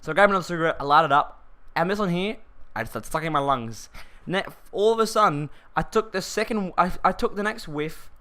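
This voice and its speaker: A man's voice: high-pitched, lively intonation, fairly quick, bright, forceful tone. A man telling a personal story for his vlog in a rambling, slangy way, restarting his sentences often.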